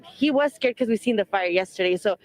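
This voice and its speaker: An earnest woman speaking outdoors, answering a reporter's questions as a mother who had to flee a wildfire. She rambles in loose, halting sentences padded with "like" and "you know", and brings in her faith as she talks. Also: mid-range voice, expressive, rough recording. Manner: earnest, openly religious. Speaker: wildfire evacuee, mother of several children. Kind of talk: emotional on-the-spot interview answers. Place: outdoors at a donation site.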